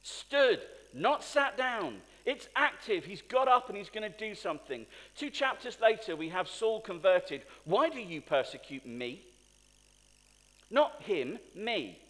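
A high-sitting male voice, a little slow, delivers an animated sermon that asks the congregation questions and builds to emphatic points. Long hall reverb colors the recording.

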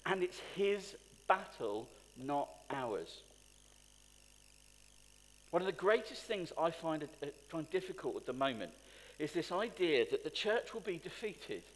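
A man with a slightly high voice preaches a little slowly over slight background noise. He questions the congregation and rises animatedly to emphatic peaks, with a long hall reverb around him.

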